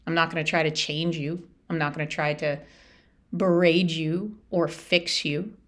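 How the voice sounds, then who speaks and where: A woman's voice: sits low, fairly even intonation, unhurried, fairly bright tone. A middle-aged woman life coach hosting a solo podcast, talking in an earnest, heartfelt way with lots of repetition. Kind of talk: reflective solo podcast talk.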